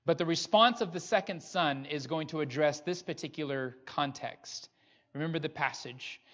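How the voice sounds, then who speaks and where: A man's voice: fairly high pitch, moderate pace, fairly bright tone. A man preaching a sermon as pastor, earnest and pressing his listeners with rhetorical questions. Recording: dull lo-fi recording.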